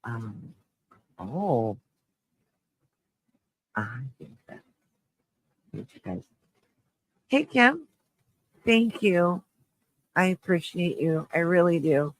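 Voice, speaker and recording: A man hosting a live stream, chatting with viewers in a low, shaky-voiced mood, halting and restarting as he rambles. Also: big pitch swings, fairly bright tone, no echo, low-quality recording. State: shaky voice, close to tears. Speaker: livestream host.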